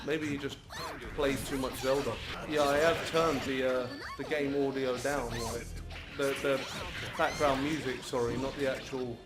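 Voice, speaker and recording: A young man playing a game and chatting bluntly, swearing freely. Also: mid-range voice. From South London, England. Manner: blunt, swearing, matter-of-fact. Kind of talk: casual gaming chat. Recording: roomy room, loud game music.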